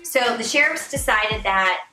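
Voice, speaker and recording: A middle-aged woman, the vlogger's mother, telling a story in animated, casual chat. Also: a little high, unhurried, roomy sound, recorded from a distance, faint music behind.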